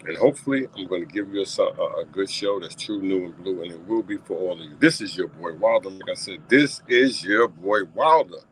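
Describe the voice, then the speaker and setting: A lower-voiced man hosts his own sports talk stream off the cuff. He repeats himself and pushes his voice up toward near-shouting when he gets heated. There's a faint hum of noise behind him. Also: quick pace, few pauses, poor audio. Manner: passionate, repetitive, rising to near-shouting rants. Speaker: talk show host.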